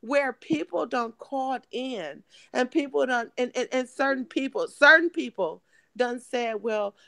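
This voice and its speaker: Hoarse woman from Michigan, gravelly voice, dry sound, stops and restarts a lot. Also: fairly high pitch, a bit bright, no echo. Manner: halting, repeats words, restarts often. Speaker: guest, mother of missing woman. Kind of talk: emotional interview talk.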